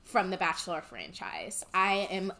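A woman's voice: mid-range voice, sing-song, a little slow, gravelly, bright, forceful tone. A young woman co-hosting a casual chat, blunt and emphatic in her opinions. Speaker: co-host.

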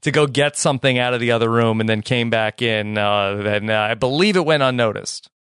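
Male podcast host, smooth, resonant tone, dry mic, deadpan teasing. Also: mid-range voice, a little fast, dry recording. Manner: dry, teasing, self-deprecating. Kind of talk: casual podcast chat.

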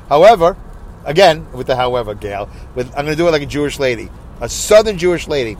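Chatty nasal man in a car. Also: fairly quick. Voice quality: high-pitched and nasal. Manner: chatty, self-mocking, animated. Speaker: podcast host. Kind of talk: casual solo podcast reading listener comments.

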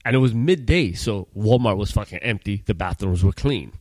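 A man's voice: on the low side, lively intonation, moderate pace, a little mellow, no echo. A man in his thirties from Trinidad, hosting a podcast and telling profane stories in casual chat, laughing often. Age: 30s. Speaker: podcast host.

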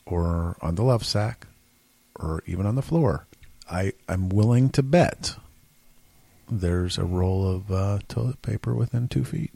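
A man in casual podcast banter, loud, profane and jokey, laughing often. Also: deep voice, measured pace, vocal fry, dry recording. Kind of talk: casual chat.

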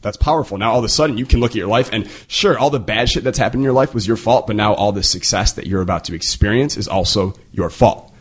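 A man's voice: lowish voice, fast talker, few pauses, breathy edge. A man co-hosting a podcast in a studio, giving blunt, profane advice in casual chat. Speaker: podcast co-host.

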